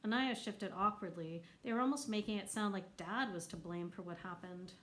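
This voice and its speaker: A woman reading a novel aloud as narrator, lifting her voice for the characters who shout. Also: mid-range voice, moderate pace, rough recording. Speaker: audiobook narrator. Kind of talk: scripted narration.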